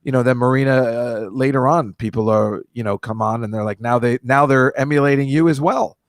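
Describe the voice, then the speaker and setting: A middle-aged man, a comedian guest, chatting casually with teasing, deadpan jokes. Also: mid-range voice, brisk, no room sound. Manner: joking, teasing, deadpan jabs.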